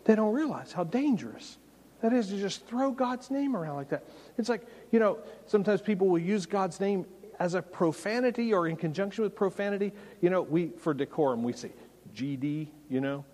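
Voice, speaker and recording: Male pastor, conversational and emphatic sermon, slightly high voice, long hall reverb. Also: lively intonation, a little fast, a little mellow. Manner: conversational, emphatic preaching with folksy anecdotes.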